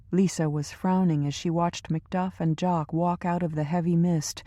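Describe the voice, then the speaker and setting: Brief: woman narrator for a thriller audiobook, low pitch, dry close sound. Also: level tone, moderate pace, few pauses, warm tone, no echo.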